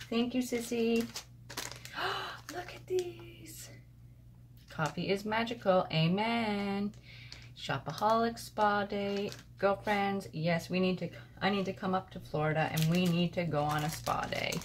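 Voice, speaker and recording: A woman at her home craft desk chatting casually and excitedly as she shows off mail she received, picked up by a camera on the desk. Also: mid-range voice, normal speed, background noise. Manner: gushing, excitable, rambling. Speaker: crafting vlogger.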